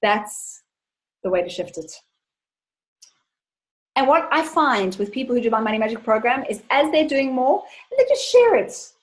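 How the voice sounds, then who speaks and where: A woman's voice: a little high, big pitch swings, normal speed, pauses often, low-quality recording. A woman money coach hosting a live webinar, answering viewer questions with enthusiastic, chatty storytelling.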